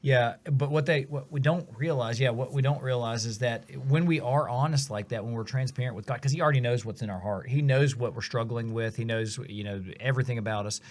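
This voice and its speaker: An earnest man talks through faith on a podcast. His voice sits at an ordinary pitch. He is reflective and often restarts his thoughts. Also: fairly quick, few pauses, a little mellow. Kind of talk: casual faith discussion.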